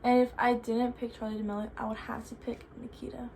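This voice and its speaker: A fairly high-pitched young woman chats loosely through viewer questions, dropping "like" into nearly every sentence. A faint hum of room noise sits behind her. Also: flat delivery, fast, gravelly, darkish tone. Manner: chatty, filler-heavy with frequent "like". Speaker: vlogger answering viewer questions. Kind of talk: casual chat.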